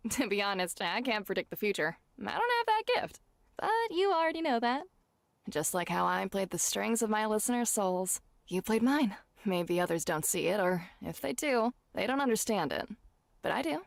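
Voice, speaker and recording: A tender, wise older performer speaks in a sweeping, theatrical way, as a woman acts her out. Her voice rises and falls freely and has a slight gravelly edge. The sound is dry and close. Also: mid-range voice, no room sound. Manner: comforting, theatrical, lilting. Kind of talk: tabletop role-play.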